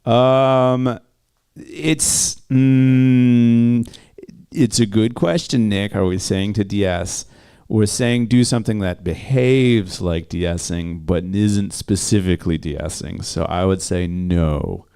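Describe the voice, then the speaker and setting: A man co-hosting a music-review stream, talking casually about audio mixing and pausing often to find the right term. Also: lowish voice, fairly even intonation, mellow, clean tone. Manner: hesitant, lots of fillers while searching for terms. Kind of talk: casual live-stream chat.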